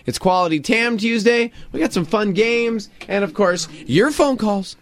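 Upbeat high-voiced male radio host. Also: a little slow. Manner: playful, hyped, keeps the show moving. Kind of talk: morning radio banter.

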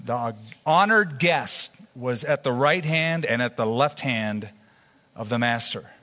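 A man's voice: medium pitch, expressive, slow pace, bright, forceful tone. A man teaching a sermon in a conversational way, with asides to his congregation. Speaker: pastor. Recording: long hall reverb.

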